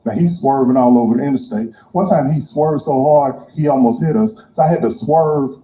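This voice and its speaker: A man's voice: mid-range voice, a little fast. A man telling a conversational, exasperated stand-up story. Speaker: stand-up comedian. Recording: echoey, tinny phone-like audio with faint hiss.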